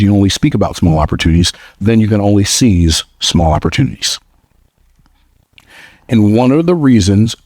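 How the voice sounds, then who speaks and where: Recorded dry and studio-clean, a motivational speaker entertains a live crowd with spirited stories and humor. He repeats phrases for emphasis, talks in a plain-spoken way, and shifts into a high, squeaky voice for quotes.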